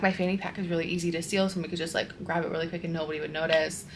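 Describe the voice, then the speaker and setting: A young woman vlogger telling a frustrated storytime to her camera, animated and full of "like". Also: lowish voice, very fast, few pauses, a little hiss or hum. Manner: animated, exasperated storytelling with frequent "like". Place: at home, wearing a sheet mask.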